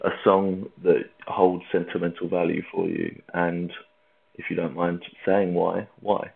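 A man's voice: deep voice, little pitch movement, a little slow, vocal fry, breathy edge. A man from Britain hosting a casual music chat, an easygoing interviewer who chuckles often. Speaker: podcast host. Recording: tinny phone-like line.

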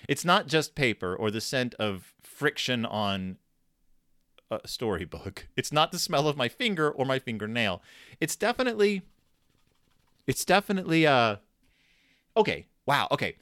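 A man's voice: medium pitch, normal speed, long pauses, dry recording. A man with a wry, jokey way of talking gives comedic commentary and lets his voice swing widely up and down. The recording is dry and close, with no room sound. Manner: wry, jokey, animated storytelling. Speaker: host reviewing a scratch-and-sniff storybook.

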